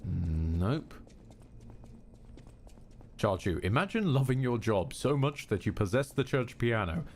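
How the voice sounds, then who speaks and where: Slow and sing-song, this live game streamer mutters sarcastic jokes to himself in a lowish, slightly mellow voice. A little background noise is audible.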